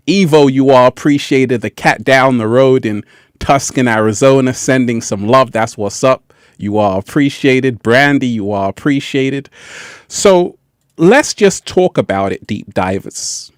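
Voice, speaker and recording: A man hosting a casual livestream speaks slowly and in an easy, unhurried way. He laughs often and repeats phrases for effect, and his voice sounds dry and close. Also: mid-range voice, clean tone, no room sound. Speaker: livestream host.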